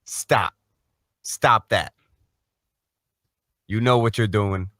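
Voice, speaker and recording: Low-voiced man ranting on a livestream. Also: drawn-out words, fairly bright tone, dry recording. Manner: profane, ranting, scolding the audience. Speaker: co-host. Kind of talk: livestream talk show banter.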